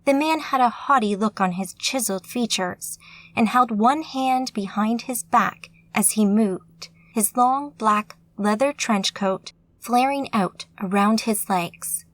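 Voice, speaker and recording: A woman narrating a fantasy audiobook in a steady, measured storytelling manner. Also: a little high, dry recording.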